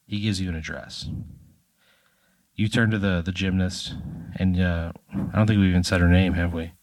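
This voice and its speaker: Man, game master, deep voice, loose chatty storytelling, dry close mic. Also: steady tone, moderate pace, long pauses, darkish tone, no room sound. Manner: loose and chatty, full of fillers. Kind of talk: improvised narration of a comedy tabletop game.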